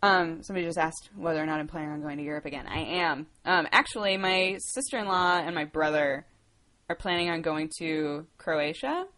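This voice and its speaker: A woman's voice: sits low, a little fast, fairly bright tone. A woman in her twenties from the United States, chatting casually on a livestream, rambling and laughing as she answers viewer questions. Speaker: livestream host.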